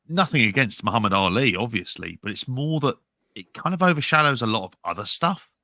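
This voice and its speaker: A man's voice: medium pitch, animated, brisk, pushed and bright, no echo. A man co-hosting a podcast, giving blunt, wry opinions and swearing freely. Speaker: podcast co-host. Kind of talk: casual podcast chat.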